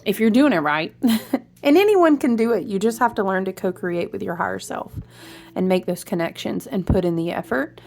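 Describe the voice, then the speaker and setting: A woman chats through a spiritual vlog in a mid-pitched voice with a bit of gravel underneath. She talks to her viewers like close friends and wanders from one topic to the next. Her voice keeps jumping up into excited exclamations. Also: moderate pace. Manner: animated and chatty, jumps between topics, frequent high exclamations; speaks to viewers as friends, slangy and warm-hearted. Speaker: tarot reader. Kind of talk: casual spiritual vlog chat.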